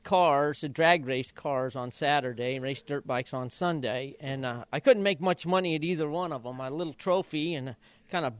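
Older man, former jockey, smooth slightly high voice, chatty storyteller who acts out quotes, dry close mic. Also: normal speed, no room sound. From Idaho. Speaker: retired jockey and father of jockeys. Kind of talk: casual interview storytelling.

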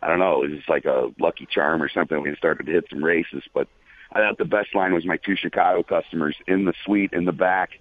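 A man's voice: deep voice, fairly even intonation, fast, no room sound. A man telling a long casual story with lots of fillers, as a guest on a talk show. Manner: rambling, many fillers. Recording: phone-line audio.

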